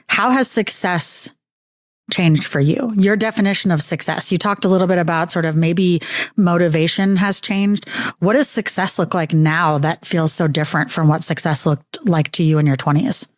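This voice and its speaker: Teasing low-voiced woman podcast host. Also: normal speed, no echo, studio quality. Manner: teasing, jokey. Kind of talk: casual podcast interview.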